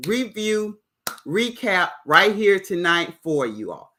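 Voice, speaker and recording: A woman hosting a casual livestream recap of a reality show, chatty and animated as she retells scenes. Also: on the low side, slow pace. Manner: chatty, animated retelling with playful quoted voices. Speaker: host.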